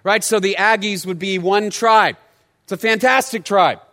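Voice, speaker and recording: Middle-aged male pastor, high and bright, animated storytelling sermon, reverberant church hall. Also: normal speed. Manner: storytelling, animated, self-deprecating humor. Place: church sanctuary. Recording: long hall reverb from the sanctuary.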